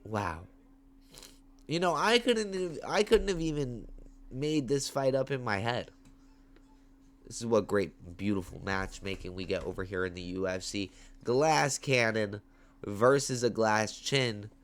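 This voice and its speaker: A man's voice: on the low side, a little slow. A man hosting his own MMA picks show, talking in a casual, slangy way and getting hyped on camera. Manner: animated, slangy, hyped with big swings in loudness. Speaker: MMA betting picks host. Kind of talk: casual fight-pick commentary. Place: at home on camera. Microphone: webcam or phone on camera.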